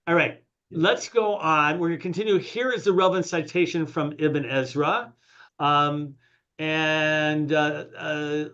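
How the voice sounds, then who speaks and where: A man's voice: a little high, a bit bright, clean tone. A man leading an online study class, calling on people to read aloud and asking them questions, with lots of fillers. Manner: calls on students to read, asks questions, fillers. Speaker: class leader. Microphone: video call. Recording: slightly muffled video call audio.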